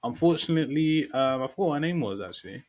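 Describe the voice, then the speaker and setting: A man's voice: mid-range voice, expressive, fast talker, a little mellow. A man co-hosting a film podcast, chatting casually and stubbornly holding his point, with a British accent. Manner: laid-back, trailing off, stubborn in banter. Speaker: podcast co-host. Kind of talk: casual chat.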